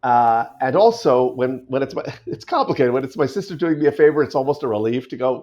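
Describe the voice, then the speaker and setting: A man's voice: mid-range voice, expressive, a little fast, few pauses, a little mellow. Thoughtful middle-aged man on a dull line. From United States. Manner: thoughtful, many restarts and repeated words. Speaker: guest actor. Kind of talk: podcast interview conversation. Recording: dull lo-fi audio.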